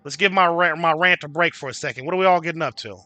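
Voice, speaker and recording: A man rants to his livestream chat, swearing casually and calling out viewers by name. His voice sits high and sounds very bright and sharp. The sound is close and dry, with almost no room around it. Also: fast talker, no room sound. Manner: swearing freely. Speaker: livestream host.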